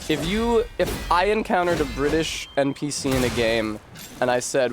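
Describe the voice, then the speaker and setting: A man's voice: a little high, normal speed, music in the background. A man streaming a video game in casual chat, rambling and joking while he answers his chat. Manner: rambling, jokey, talks back to chat.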